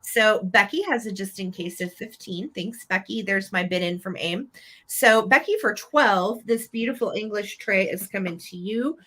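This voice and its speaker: Bright, chatty woman selling vintage live. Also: medium pitch, normal speed. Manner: chatty and upbeat, describing items. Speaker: live sale host. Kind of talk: live online sales chat.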